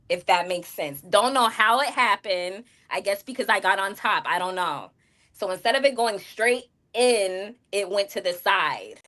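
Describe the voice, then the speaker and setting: A woman tells her chat a story on a livestream, frank and rambling, breaking off to talk to viewers. Her voice is bright and forward. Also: mid-range voice. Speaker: streamer.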